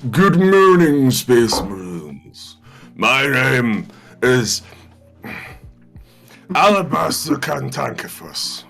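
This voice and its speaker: A man voicing a pompous, long-winded male bureaucrat who speaks slowly and grandly. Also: medium pitch, very animated, vocal fry, a bit bright, faint music behind, exaggerated voice. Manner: slow, drawn-out and grand.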